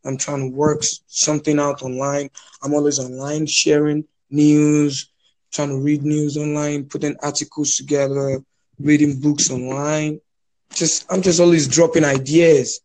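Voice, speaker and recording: A young man from Nigeria with a Nigerian accent, chatting casually on a podcast, often pausing and restarting his sentences. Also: fairly high pitch, flat delivery, a little mellow. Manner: hesitant, many restarts and fillers. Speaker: podcast guest. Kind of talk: casual chat.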